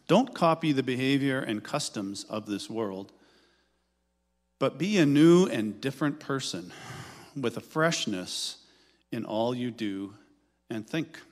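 A man giving a church announcement, reading scripture and speaking with hesitant pauses. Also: medium pitch. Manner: hesitant, reads scripture then speaks plainly. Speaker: ministry leader giving an announcement. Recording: reverberant church hall.

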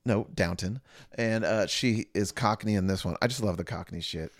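A man's voice: on the low side, normal speed, dry recording, studio quality. A man co-hosting a casual podcast, rambling in a laid-back way with lots of filler words. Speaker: podcast co-host, barber. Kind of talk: casual chat.

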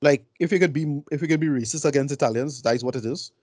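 A man's voice: a little high, quick pace, darkish tone, no room sound, studio quality. A man giving blunt, rambling film opinions in a casual podcast chat. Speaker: film review podcast co-host.

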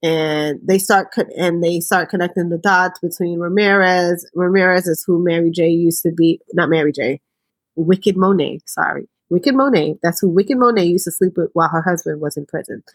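Brief: husky woman host, lively casual recap, dry close sound. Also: fairly low pitch, moderate pace, no room sound. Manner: animated, laughing storyteller. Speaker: podcast host.

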